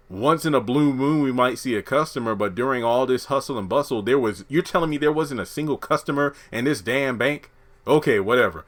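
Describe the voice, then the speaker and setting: A man's voice: medium pitch, a bit bright. A man giving a casual, slangy recap of a TV episode, acting out the characters' lines as he goes. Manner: chatty, slangy, acts out quotes from the show. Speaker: show reviewer.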